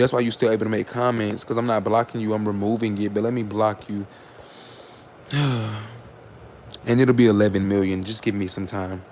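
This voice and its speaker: Gravelly-voiced man rambling on a livestream. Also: fairly low pitch, a little hiss or hum. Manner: candid, rambling, sarcastic, with repeated fillers and restarts; switches to loud scolding of commenters. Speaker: livestream host. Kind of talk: casual livestream talk to chat.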